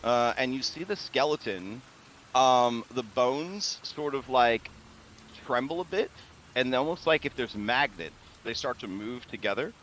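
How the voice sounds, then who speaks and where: A man runs a tabletop game, narrating in a loose, easygoing way with his voice rising and falling. His words are full of pauses and fillers. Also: medium pitch, a little hiss or hum. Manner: relaxed, many fillers. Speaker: game master.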